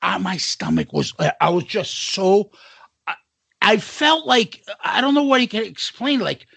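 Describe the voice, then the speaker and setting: A man co-hosting a podcast, telling a story in casual chat, animated and profane, acting out the people in it. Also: high voice, a little slow, creaky, breathy edge, no echo. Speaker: podcast co-host.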